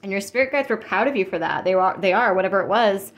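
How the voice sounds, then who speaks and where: A woman's voice: medium pitch, lively intonation, fast talker. A woman doing a casual spiritual reading for viewers, rambling and reassuring, full of "like" and "you know". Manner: reassuring, speaks directly to viewers. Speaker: tarot and spirit-guide reader.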